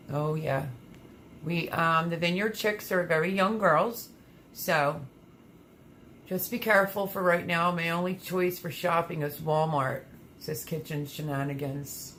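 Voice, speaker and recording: Low-voiced woman chatting on a garden livestream, reads chat out loud, lots of ums. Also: slight background noise. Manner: chatty, reads viewer comments aloud, many fillers. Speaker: livestream host reading chat.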